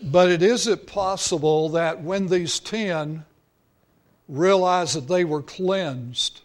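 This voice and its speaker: A man's voice: high-pitched, slow pace. A male pastor preaching a sermon, earnest, drawing out key words for emphasis.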